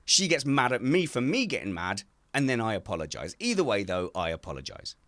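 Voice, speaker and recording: Lively podcast host, dry sound. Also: male voice, medium pitch, a little fast, no room sound. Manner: animated, self-mocking storytelling. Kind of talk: casual podcast chat. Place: home garden shed.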